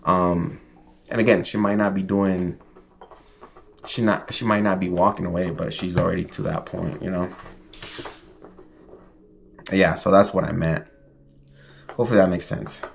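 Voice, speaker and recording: A man's voice: sits low, steady tone, normal speed, gravelly, long pauses, a little hiss or hum. A man giving a casual livestream tarot reading, rambling and chatty with lots of fillers. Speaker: tarot reader.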